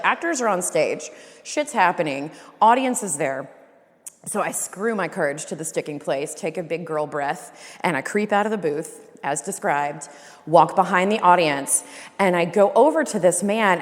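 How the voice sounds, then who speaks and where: Low-voiced woman, wry and profane. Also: animated, normal speed. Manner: wry, profane, dramatizes her inner thoughts. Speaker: theater stage manager. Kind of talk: casual storytelling. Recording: long reverb.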